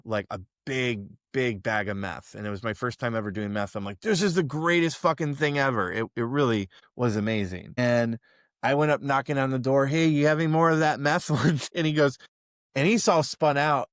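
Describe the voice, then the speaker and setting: A man's voice: medium pitch, a bit bright, no echo. Guy cohosting a podcast, crude and rambly, dry no-room sound. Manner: crude, rambling storyteller who swears freely. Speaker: podcast co-host, chiropractor. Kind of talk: casual podcast chat.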